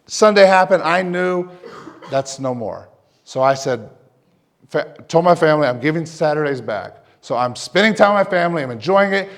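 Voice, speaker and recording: A middle-aged male pastor telling a personal story in a sermon, lively at times and dropping to a soft hush when he prays. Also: fairly high pitch. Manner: animated storyteller, drops to a soft hush for prayer.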